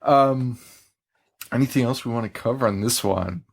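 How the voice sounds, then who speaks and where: Laughing, animated male podcast host. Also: medium pitch, moderate pace. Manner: laughing, animated, swearing freely. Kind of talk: casual movie-review chat.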